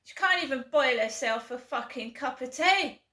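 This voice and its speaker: A woman's voice: high-pitched, expressive, moderate pace, sharp tone, reverberant. A British woman in her fifties ranting angrily to camera on her vlog, swearing hard and jabbing with sarcasm. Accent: British English. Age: 50s. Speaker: vlogger. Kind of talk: angry rant to camera.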